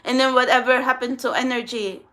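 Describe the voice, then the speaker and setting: A woman's voice: sits high, steady tone, brisk, fairly bright tone. A young woman talking to her viewers in a casual get-ready-with-me vlog, blunt and rambling, swearing often. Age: young adult. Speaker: spiritual channel host.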